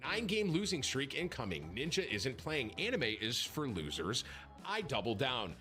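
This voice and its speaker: A man's voice: medium pitch, wildly swooping pitch, moderate pace, bright, forceful tone, faint music behind. A man live-streaming a game, reading viewers' messages aloud in a mocking way.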